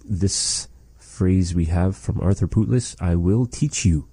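A man teaching a language lesson, slowly and patiently saying phrases and explaining what they mean. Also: sits low, dark tone, breathy edge, no room sound. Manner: repeats phrases slowly and explains them carefully.

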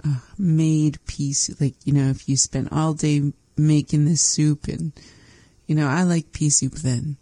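A woman learning a language in a casual lesson, repeating phrases slowly and thinking aloud. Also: low-pitched, steady tone, mellow, no echo.

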